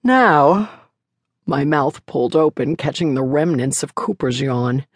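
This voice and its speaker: A woman narrating a first-person romance novel in an even, measured storytelling manner. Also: rumbling low, no echo, clean studio sound. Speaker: audiobook narrator.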